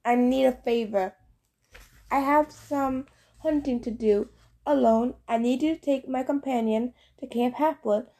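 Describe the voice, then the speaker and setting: A woman's voice: high voice, a little slow, mellow. A woman voicing a stern, commanding huntress goddess in an audiobook, curt and firm.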